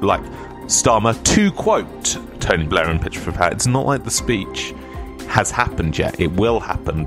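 On a casual radio show, a male host reads the weather in a medium-pitched voice that sounds a bit stuffy from a cold. He rambles along, tossing in chatty, self-deprecating remarks.

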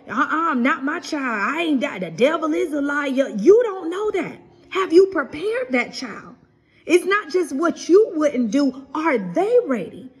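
A woman's voice: high voice, a little mellow, breathy edge. A middle-aged woman hosting her own podcast, giving an earnest, preacherly devotional talk and often repeating and restarting her phrases. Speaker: podcast host giving encouragement.

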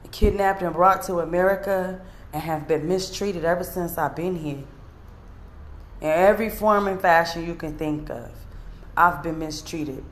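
A woman giving an earnest, emotional confessional monologue to camera, speaking bluntly and sometimes swearing. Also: lowish voice. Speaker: vlogger.

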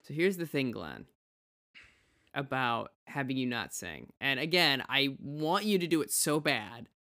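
A man's voice: mid-range voice, very animated, unhurried, pushed and bright. A man hosting a podcast over a video call, chatty and laughing easily. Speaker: podcast host. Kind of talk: casual podcast interview.

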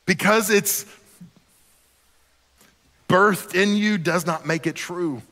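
Guy pastor preaching, kinda high voice, talks casual and earnest, long echo in a church hall. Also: takes it slowly, bright, forceful tone. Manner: earnest, conversational, repeats words when starting sentences. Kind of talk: sermon.

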